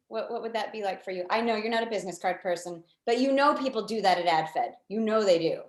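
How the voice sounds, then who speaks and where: A woman's voice: mid-range voice, fast, few pauses. A woman hosting an interview, playful and giggly as she asks what-if questions. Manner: playful, giggly, posing hypothetical scenarios. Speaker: interview host, design professor. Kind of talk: casual interview chat. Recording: echoey room.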